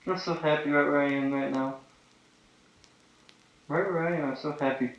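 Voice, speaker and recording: A man's voice: a little high, fairly even intonation, moderate pace, far from the mic, highs cut off, slight background noise. Giggly rambling man on echoey old tape. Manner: giggly, drifting, repetitive. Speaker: documentary subject. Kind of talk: candid rambling monologue.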